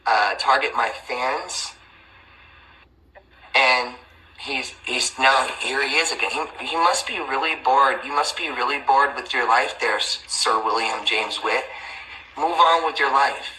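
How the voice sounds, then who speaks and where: A man's voice: mid-range voice, measured pace, bright, forceful tone, poor audio. A man hosting a livestream, talking in a rambling, defensive way with many restarts. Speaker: livestream host. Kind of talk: casual livestream chat.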